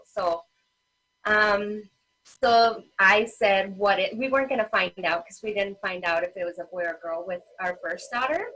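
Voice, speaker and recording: Woman, 30s, husky, heartfelt conversational storyteller, lots of "um" and "like". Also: mid-range voice, a little slow, a bit bright, low-quality recording. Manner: emotional storytelling with many fillers. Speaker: guest, parent advocate and children's author. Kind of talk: personal story in a casual interview.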